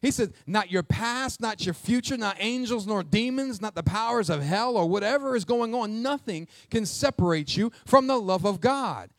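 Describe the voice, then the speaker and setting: A man, a pastor preaching a sermon to his church with lively call-and-response questions. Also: no room sound. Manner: jokes aside in a quiet, quick low voice. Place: church sanctuary with congregation.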